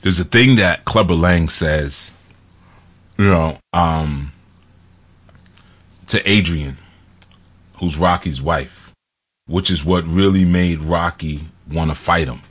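A man's voice: deep voice, slow, long pauses. A man talking in a rambling, casual monologue, laughing often and acting out quotes from films.

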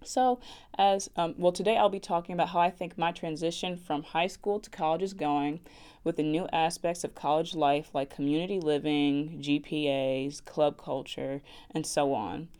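A young woman hosts a solo podcast from New Jersey, casually rambling and giggling often. Her low-pitched, smooth voice has a darkish tone, fairly even intonation, and a moderate pace.

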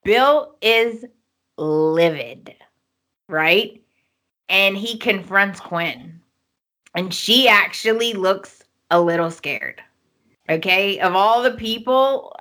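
A woman's voice: mid-range voice, takes it slowly. A woman hosting a podcast, recapping a soap opera in casual chat and acting out the characters' lines as she goes. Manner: animated storytelling, acting out quotes.

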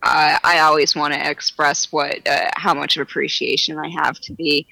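A podcast guest with a bright, forward tone that stays dry and close. They ramble through their stories, restarting sentences and circling back on themselves. The talk is loose and conversational. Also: mid-range voice, little pitch movement, moderate pace, vocal fry, dry recording, poor audio. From Florida. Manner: rambling, self-correcting, chatty. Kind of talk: casual interview chat.

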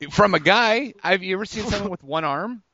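A man's voice: sits high, fairly quick. A man co-hosting a podcast, joking and rambling in casual banter. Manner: jokey, rambling, lively. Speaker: podcast co-host. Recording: dull lo-fi sound, dry.

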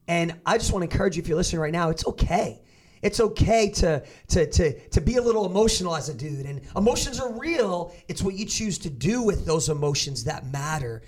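A man's voice: a little high, lively intonation, a little fast, darkish tone. A man hosting a podcast, talking earnestly and encouragingly in a casual conversation. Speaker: podcast host and fitness coach.

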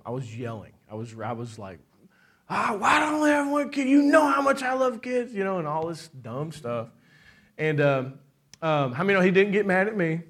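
Bright high-voiced preaching man. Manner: preaching with call-and-response and laughter. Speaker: pastor. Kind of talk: sermon.

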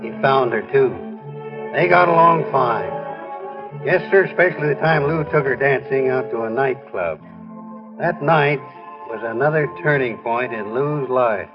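A man narrating a 1940s radio drama in a folksy, husky voice on a dull old recording. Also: mid-range voice, unhurried, music in the background.

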